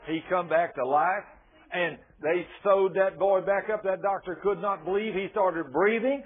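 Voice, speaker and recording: A man's voice: sits high, measured pace. A man preaching a sermon in a fervent, folksy way, acting out the people in his stories. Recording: tinny phone-like sermon recording.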